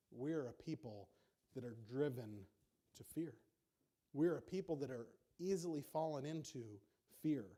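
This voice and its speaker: Warm-voiced conversational pastor preaching. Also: male voice, fairly high pitch. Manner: conversational, animated, acts out characters. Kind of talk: sermon.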